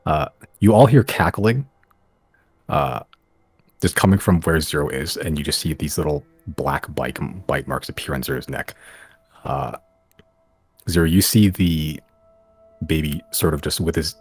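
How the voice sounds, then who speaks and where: A man narrating a tabletop game as game master, describing scenes in a halting way with many fillers. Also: very deep voice, animated, breathy edge, no echo, soft background music.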